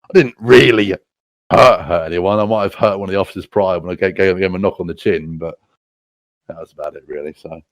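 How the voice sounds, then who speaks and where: A man's voice: deep voice, brisk, dry recording. A British man telling rowdy stories casually, swearing a lot and laughing at himself. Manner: crude, profane, laughing at his own stories. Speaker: storyteller.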